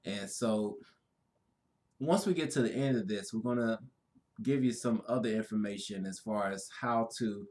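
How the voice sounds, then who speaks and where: A man co-hosting a casual spiritual talk, speaking in an easygoing, drawn-out way with frequent affirmations. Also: on the low side, a little mellow. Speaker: co-host.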